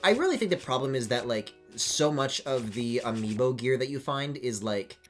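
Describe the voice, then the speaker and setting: A male streamer chatting casually over a video game, rambling and swearing. His pitch swings widely, jumping into high excited squeals. Faint game music plays behind him. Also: moderate pace. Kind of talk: casual live-stream commentary.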